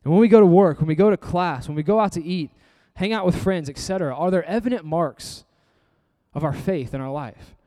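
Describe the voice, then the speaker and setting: Earnest preacher in a reverberant hall. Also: male voice, high-pitched, fairly quick, dark tone. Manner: earnest, conversational preaching with rhetorical questions. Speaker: pastor. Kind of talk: sermon with scripture reading.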